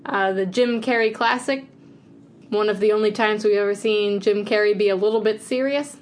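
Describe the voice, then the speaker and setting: A woman's voice: medium pitch, fairly even intonation, normal speed, a little hiss or hum. A woman co-hosting a casual chat podcast, playful and chatty as she runs a game segment. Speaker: podcast co-host.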